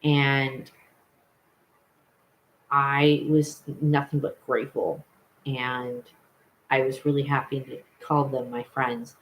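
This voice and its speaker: A man's voice: medium pitch, flat delivery, takes it slowly, long pauses, fairly bright tone, slight background noise, low-quality recording. A young man telling a personal story in a casual vlog, rambling, with many fillers and self-corrections. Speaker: vlogger.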